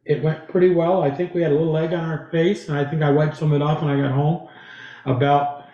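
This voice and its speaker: A man's voice: on the high side, level tone, quick pace, warm tone, echoey room, lo-fi sound. A man on a town selectboard speaking in a folksy, rambling way during a meeting over a video call. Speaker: selectboard member. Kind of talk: public meeting discussion.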